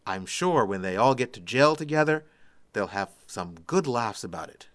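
Male radio host, bright and crisp, dry studio sound, reads odd news with sarcastic asides. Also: medium pitch, animated, moderate pace, no echo. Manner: sarcastic asides after each story. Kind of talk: reading odd news with commentary.

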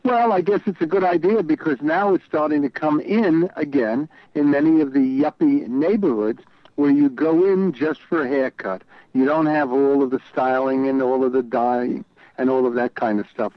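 A man's voice: a little high, moderate pace, dry recording. A wry, opinionated man with a New York accent chats on a talk radio show. His voice comes through a slightly dull, lo-fi line. The sound is dry and close. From New York City. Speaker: regular radio guest commentator.

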